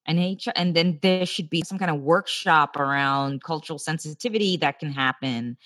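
A woman's voice: deep voice, moderate pace, fairly bright tone, dry recording. A woman co-hosting a podcast who gives her opinions earnestly in casual discussion. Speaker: podcast co-host.

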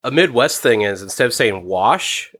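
A man's voice: mid-range voice, expressive, moderate pace, a bit bright, breathy edge, dry recording. A man from Iowa in casual chat, laid-back and wry.

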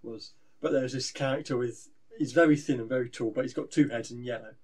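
A man co-hosting a casual podcast chat, quick and expressive. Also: medium pitch. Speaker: podcast co-host.

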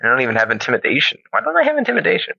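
A young man playing a tabletop game, chatting casually and thinking out loud with hesitant restarts. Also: a little high, wildly swooping pitch, rapid-fire, gravelly, husky, no room sound. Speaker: player. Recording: dull, dry lo-fi sound.

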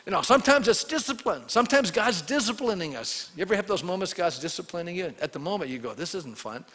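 A male pastor delivers a sermon with a high, bright voice and a lively, conversational manner, often turning to the congregation with questions. His voice rings out with a long reverb from the church hall. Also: fast, husky.

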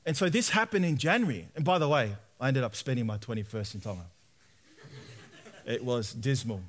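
A young Australian man with a medium-pitched, fairly quick voice preaches a sermon testimony. He tells his own story as an animated storyteller, acting out the voices of the people in it.

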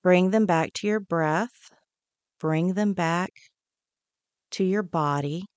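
Woman, meditation guide, soothing repeated cues, very unhurried, dry close sound. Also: on the low side, dry recording. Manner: slow, soothing, repetitive instructions. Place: podcast studio.

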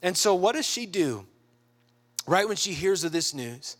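A man giving a sermon who talks casually and acts out quoted people with lively shifts in voice. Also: high-pitched, unhurried. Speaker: pastor.

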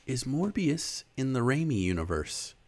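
A man's voice: mid-range voice, big pitch swings, a little slow, a little mellow. A man co-hosting a casual podcast chat, swearing freely and ranting about films. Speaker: podcast co-host.

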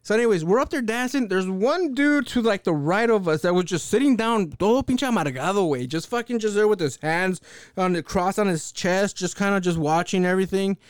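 Brief: young man, high clear voice, dry close mic, casual podcast storyteller, swears a lot. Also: a little fast, no room sound. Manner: animated, profane, lots of fillers. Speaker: podcast host.

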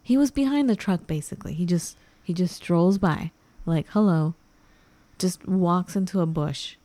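A woman co-host telling a story in a relaxed, mellow voice that sits a little low. She throws herself into the quoted dialogue and acts out each person as she goes. The sound is dry and close. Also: normal speed, no room sound. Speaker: podcast co-host. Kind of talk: casual storytelling chat.

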